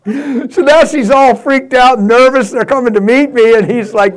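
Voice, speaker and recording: A man's voice: extremely high pitch, moderate pace, hardly any pauses. Middle aged preacher guy telling a funny story in his sermon, keeps laughing. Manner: laughing, animated anecdote telling.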